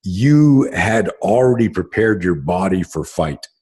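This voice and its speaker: Man, podcast host, very low voice, husky, emphatic, swears freely, keeps restarting sentences. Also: lively intonation, a little slow, a little mellow. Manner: emphatic and profane, with frequent restarts. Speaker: host and self-defense instructor. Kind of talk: casual podcast conversation.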